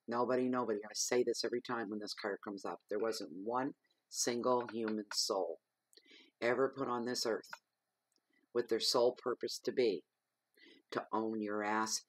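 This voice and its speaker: A man with a fairly low voice delivers a weekly tarot reading as an earnest monologue. He presses his points through repetition and emphatic advice, with a cough. The sound is dry and close, with no room around it. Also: no room sound. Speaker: tarot reader.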